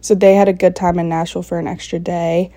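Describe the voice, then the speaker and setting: A young woman in her early twenties tells a casual story, chatty and excitable, with her speech full of fillers. Her voice sits on the lower side for a woman. The sound is dry and close, with no room echo. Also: quick pace. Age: early 20s. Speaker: podcast host.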